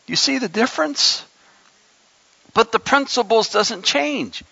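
A man's voice: extremely high pitch, lively intonation, a little slow, gravelly, sharp tone, no room sound, muffled recording. A man preaching a sermon as pastor, emphatic, with joking asides to his congregation.

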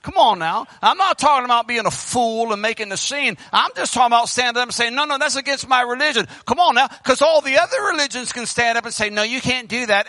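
Male pastor, high-pitched, bright tone, passionate sermon delivery into a church microphone. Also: no echo. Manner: fervent preaching, swinging between loud bursts and hushed pleading. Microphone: handheld microphone.

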